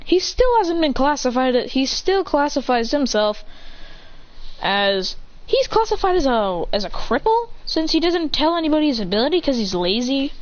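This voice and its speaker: A young woman casually telling a fan story with restarts, slipping into quick character voices, on a dull lo-fi recording. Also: high-pitched, very animated.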